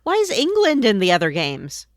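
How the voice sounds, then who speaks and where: A woman's voice: medium pitch, wildly swooping pitch, moderate pace, dry recording. A woman co-hosting a casual gaming podcast, dry and teasing in a matter-of-fact way. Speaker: podcast co-host.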